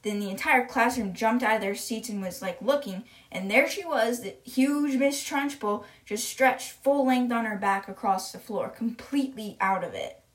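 A woman's voice: fairly high pitch, moderate pace. A woman retelling a children's book in a casual, chatty way, often saying "like". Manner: chatty, uses "like" a lot. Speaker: podcast storyteller.

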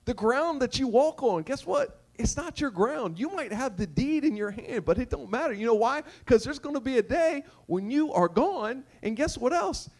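Male pastor, sermon, high voice, emphatic, repetitive, asks the crowd questions, jokes. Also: lively intonation, normal speed, few pauses, a little mellow.

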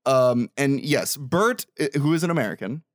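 A man co-hosting a casual podcast chat, playful and quick to laugh. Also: medium pitch, no echo, studio quality. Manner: laughs often, playful and animated. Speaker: podcast co-host.

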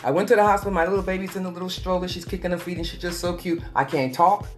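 A woman with a somewhat low voice tells her story as a guest, earnest and repetitive, slowing down to press her words. Faint music plays softly underneath. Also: steady tone. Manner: repetitive, earnest, slows for emphasis. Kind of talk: emotional personal testimony.

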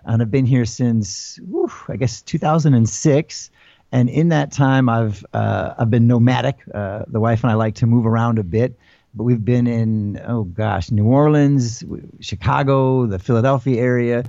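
A man's voice: medium pitch, moderate pace, creaky, warm tone, no echo, lo-fi sound. An American man in his forties talking casually as an interview guest, rambling with lots of fillers and restarts. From United States.

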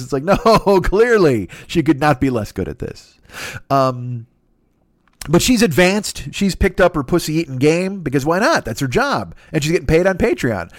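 A man's voice: medium pitch, expressive, normal speed, no echo, clean studio sound. A man doing a profane, rambling comic monologue as a podcast host, slipping into mocking voices. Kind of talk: crude comedic monologue.

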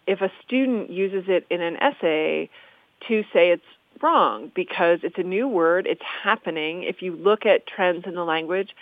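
A woman who studies the history of the language explains usage conversationally, lecturing in an easy, articulate, and amused manner. Her voice is fairly low, and the sound is tinny and phone-like, dry with no echo.

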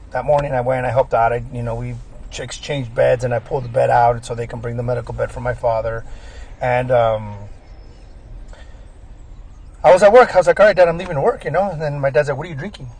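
A man's voice: mid-range voice, steady tone, a little fast, gravelly, pauses often, a little mellow. A middle-aged man telling a personal story in casual talk, swearing a lot and repeating words as he goes. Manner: swears often, repeats words, says bro. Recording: faint background noise.

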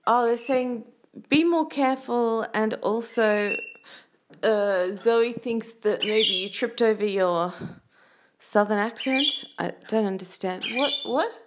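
A woman's voice: on the high side, slow, noisy background. A woman with an Australian accent hosting a podcast in a chatty, rambling, self-deprecating way. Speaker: podcast host. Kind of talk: casual chat.

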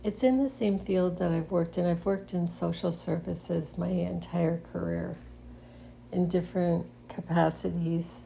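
Slow, hesitant woman telling her story. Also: on the low side, steady tone, vocal fry, mellow, a little hiss or hum. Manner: hesitant, restarts often, nervous giggles. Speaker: podcast host. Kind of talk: casual solo monologue.

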